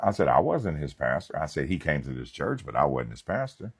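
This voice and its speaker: Pastor guy preaching, super low voice, animated and funny, telling stories. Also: a little fast, breathy edge. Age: young adult. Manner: animated, conversational, humorous preaching. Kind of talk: sermon with storytelling.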